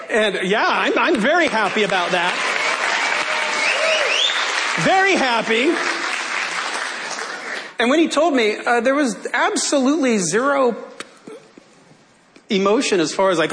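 A male pastor preaching a sermon in church, telling a story in a lively way and laughing often. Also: high voice, measured pace, in a large hall, some chatter behind. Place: church sanctuary.

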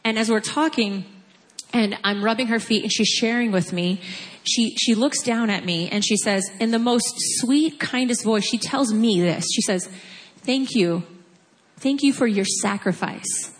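A woman in her forties telling a personal mission story in an earnest, halting, emotional way. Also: on the high side, in a large hall. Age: 40s. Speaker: mission trip speaker. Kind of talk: personal testimony.

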